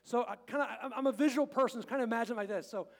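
Chatty joking pastor man, high voice. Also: rapid-fire, long reverb tail. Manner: chatty and joking, quotes scripture, acts out little scenes. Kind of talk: casual humorous sermon. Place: church sanctuary.

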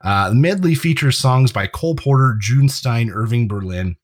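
A man's voice: medium pitch, animated, normal speed, dry recording. A man co-hosting a casual chat, recapping an episode and sharing trivia, often laughing as he talks. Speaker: podcast co-host.

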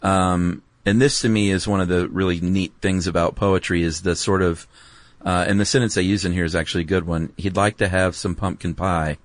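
A low-pitched man co-hosts a podcast, speaking briskly in a steady tone with no room sound. Laid-back and wry, he explains things with plenty of "um"s in a casual educational chat.

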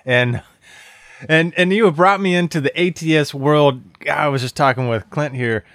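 Enthusiastic middle-aged car-podcast co-host. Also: male voice, a little high, normal speed, no room sound, clean studio sound. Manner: enthusiastic, animated, with many "you know" fillers. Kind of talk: casual car podcast chat.

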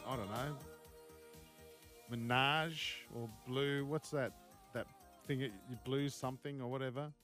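A man's voice: medium pitch, a bit bright, dry recording, clean studio sound. An Australian man hosting a sports talk radio show, speaking bluntly and indignantly in a colloquial way. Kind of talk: talk radio opinion segment. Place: radio studio.

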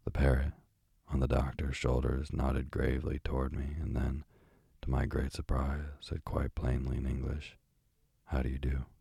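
Audiobook narrator, male; husky, dark and very low, steady storytelling. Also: normal speed, no room sound. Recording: dry, close recording.

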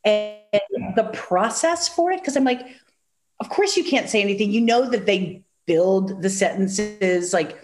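A woman with a nasal Chicago accent, chatting as a guest and telling animated stories full of acted-out quotes. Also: medium pitch, measured pace, faint music behind. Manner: animated storyteller, acts out quotes, many fillers. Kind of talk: casual chat.

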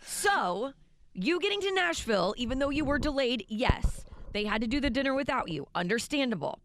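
A woman co-hosting a morning radio show, teasing her co-host with exasperated, lively banter. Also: high voice, normal speed, slight background noise.

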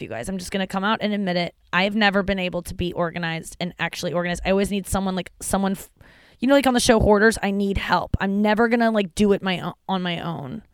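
A woman's voice: mid-range voice, clean tone, no echo. A woman hosting a podcast, talking frankly and emotionally in a rambling, profane monologue, close to tears at times. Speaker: podcast host and stand-up comedian. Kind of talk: candid personal monologue.

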